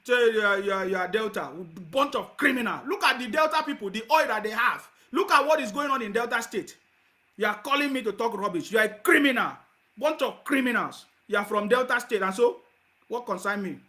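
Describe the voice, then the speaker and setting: A man's voice: very high voice, fairly quick. A man with a Nigerian accent hosting a heated call-in radio show, angrily scolding and insulting callers. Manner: angry, insulting, shouting at callers.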